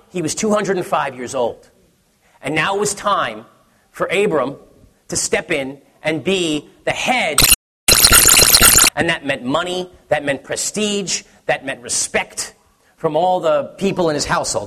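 A man in his thirties gives a sermon in a relaxed storytelling manner, often restarting his sentences. His voice is a bit higher than most men's and husky. The sound carries a long reverb from a large hall. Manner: conversational storytelling with many restarts, acts out his son's excited voice. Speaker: pastor.

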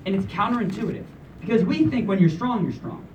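A man's voice: sits high, expressive, a little fast, darkish tone, highs cut off, a little hiss or hum. A man in his thirties preaching a sermon in a conversational, emphatic way. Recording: voice from a distance with faint room ambience.

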